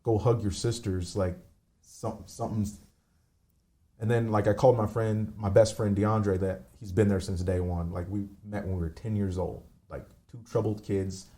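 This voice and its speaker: A man's voice: on the low side, fairly even intonation, moderate pace, mellow. A man in his forties telling a personal story as a podcast guest, candid and rambling, swearing casually. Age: 40s.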